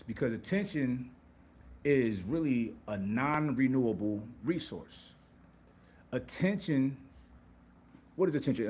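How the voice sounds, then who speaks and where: A man with a husky, mid-range voice hosts a live stream, delivering an emphatic, preachy motivational monologue packed with repeated words and rhetorical questions.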